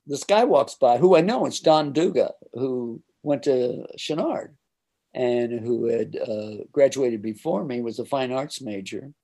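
A man's voice: mid-range voice, unhurried, dark tone. An older man telling a story from his career in a casual interview, acting out the voices of the people in it and laughing often.

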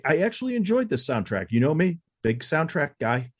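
A man's voice: fairly high pitch, sing-song, fairly quick, husky. A man in his forties co-hosting a podcast, chatting candidly about an old movie and laughing easily. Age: 40s. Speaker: podcast co-host. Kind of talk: casual movie review chat.

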